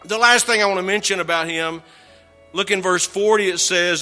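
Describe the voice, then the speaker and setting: A male pastor preaching an earnest sermon with slow, emphatic phrasing that drops low at the ends of lines. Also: bright, forceful tone, big-room sound, soft background music.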